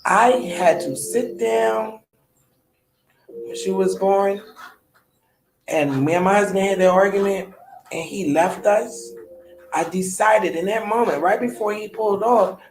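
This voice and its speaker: A woman's voice: medium pitch, unhurried, a little mellow, slight background noise. Reflective woman in an echoey room. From United States. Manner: candid, colloquial, trailing off and restarting, sighing. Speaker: podcast host. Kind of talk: reflective personal monologue.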